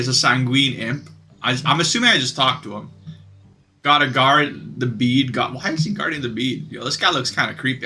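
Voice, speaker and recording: Excitable young man playing a game. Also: mid-range voice. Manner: excitable and chatty, swears and says bro a lot. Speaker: gaming video creator. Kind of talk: casual gameplay commentary.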